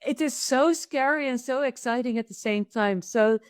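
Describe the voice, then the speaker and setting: A woman's voice: fairly high pitch, normal speed, clear, resonant tone, dry recording, studio quality. A woman with a Dutch accent, talking enthusiastically as a guest in an interview and often restarting her sentences. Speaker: guest, AI consultant. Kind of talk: conversational interview.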